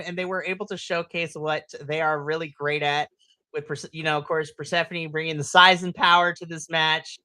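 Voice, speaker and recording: A podcast co-host in casual post-show chat, excitable, laughing often and breaking into loud exclamations. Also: mid-range voice, dry recording.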